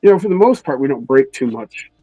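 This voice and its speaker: A man chatting casually on a livestream, laid-back and swearing, acting out quotes in a high voice. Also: sing-song, fast talker, warm tone, husky, dry recording, faint music behind, poor audio. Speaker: co-host.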